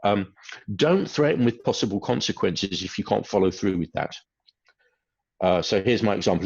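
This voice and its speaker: A man's voice: on the low side, moderate pace, creaky, slightly rough. A man giving a webinar lecture, speaking hesitantly with many fillers. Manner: hesitant, many fillers, acts out quoted phrases. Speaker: webinar presenter on behaviour. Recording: dull lo-fi webinar audio.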